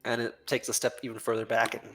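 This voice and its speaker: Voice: mid-range voice, little pitch movement, quick pace, a bit bright, soft background music, poor audio. A game master narrating a tabletop game in a laid-back way, laughing often.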